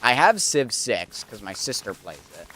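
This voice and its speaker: A man's voice: mid-range voice, very animated, moderate pace, a bit bright, a little hiss or hum. A young man streaming casually, rambling and thinking aloud with lots of fillers while he plays a building game.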